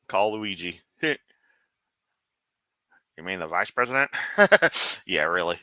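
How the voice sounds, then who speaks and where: A man's voice: low voice, very animated, takes it slowly, bright, forceful tone, dry recording. A man from the United States hosting a casual reaction stream from his room at home, swearing often and rambling sarcastically. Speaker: streamer host.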